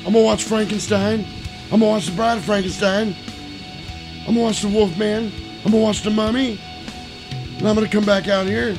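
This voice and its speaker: A man putting on the voice of a menacing male pro wrestler, growling slow threats. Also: high voice, steady tone, vocal fry, music in the background, voice pushed up. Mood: menacing swagger.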